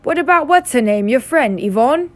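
A woman voicing a stern, blustering middle-aged uncle who talks gruffly. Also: high-pitched, animated, normal speed, pitched above the performer's own voice.

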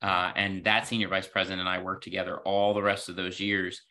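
A man with a fairly low, bright and forceful voice speaks as an interview guest. He tells stories from his working life in an earnest, reflective way, scattering "you know" through his sentences. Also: level tone, a little fast. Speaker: podcast guest, healthcare executive.

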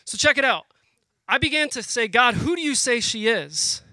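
Man, 30s, guest preacher; high, sharp voice, earnest talk to the crowd, emotion close to the surface. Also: expressive, no room sound. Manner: earnest, conversational preaching, addresses the crowd as "guys"; emotional, pauses and restarts as he speaks. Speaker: guest speaker at a family worship program. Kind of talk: sermon.

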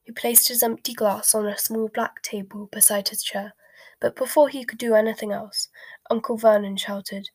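A woman narrating a storybook in a soft, hushed whispered role-play reading. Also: on the high side, flat delivery, normal speed, husky, no echo.

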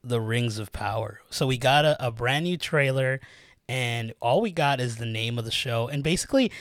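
A man co-hosting a casual podcast, animated and laughing a lot, recording in a small cramped room. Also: mid-range voice, moderate pace, no room sound, clean studio sound. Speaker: podcast co-host. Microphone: not his usual mic setup.

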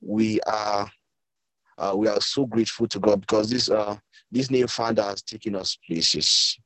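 A man, speaking emotionally and haltingly as a guest on an online call from a village, often repeating himself. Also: on the low side, no echo, rough recording. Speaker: guest speaker, author's brother. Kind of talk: emotional speech on a video call. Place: village, weak network.

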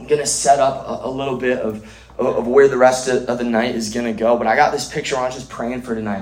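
A man's voice: mid-range voice, fairly even intonation, quick pace, darkish tone. Earnest preacher man in an echoey hall. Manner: earnest, repeats words, frequent restarts and fillers. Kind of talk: sermon. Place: church gathering hall.

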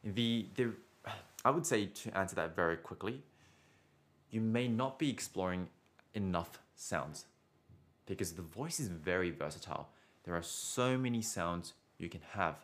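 A man's voice: low-pitched, lively intonation, unhurried, fairly bright tone. A man giving a casual singing lesson as a vocal coach, chatty and encouraging, often ending points with "right?" and restarting words.

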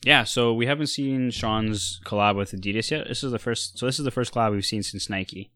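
A man co-hosting a casual chat about sneakers and streetwear, relaxed, with lots of fillers and restarts. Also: medium pitch, brisk, no room sound. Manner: relaxed, many fillers and restarts, giving buying advice.

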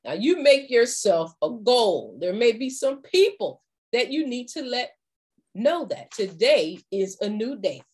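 A woman giving a faith-based motivational talk as a confidence coach, acting out little dialogues in an animated way. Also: fairly high pitch, a little slow, slightly rough.

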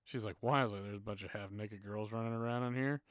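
A man's voice: on the low side, steady tone, fast talker, no echo, clean studio sound. A man in his thirties, a church music minister, telling personal stories in a casual podcast chat, earnest and at times emotional.

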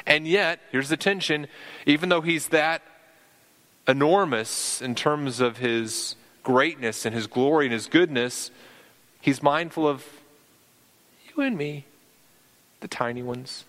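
A man's voice: on the high side, slow, pauses often, fairly bright tone, big-room sound. A male pastor preaching a sermon, earnest and often repeating words as he works through a point.

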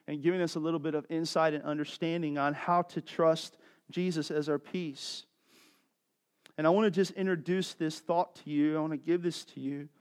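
A man, preaching a sermon in a casual, conversational way that builds to impassioned pleading. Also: sits high. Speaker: pastor.

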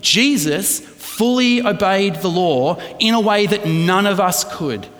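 A man's voice: sits high, lively intonation, slow pace, fairly bright tone, long reverb tail. A man preaching a conversational sermon, often checking in with his listeners. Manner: conversational, asks the congregation "right?" often. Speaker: pastor.

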